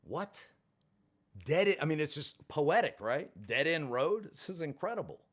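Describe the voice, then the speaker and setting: A man casually telling a story on a livestream, animated and profane, acting out the voices of the people he quotes. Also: on the high side, normal speed. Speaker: livestream host.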